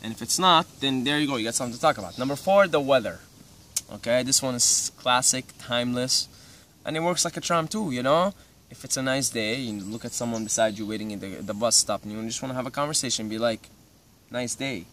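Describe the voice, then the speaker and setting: A man's voice: medium pitch, fast talker, a bit bright. Young man from Syria, easygoing vlogger, chatty and meandering, recorded from a slight distance with faint ambient noise. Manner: laid-back, rambling, peppered with "you know" and "right". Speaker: vlogger giving advice. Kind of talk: casual advice monologue.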